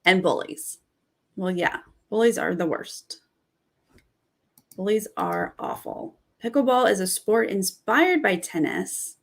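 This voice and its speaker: A woman hosts a casual reaction vlog and talks at an unhurried, drawn-out pace with plenty of vocal fry. She reads out cast bios one by one and answers each with a chatty, candid remark. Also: mid-range voice, very animated. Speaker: reality TV commentator.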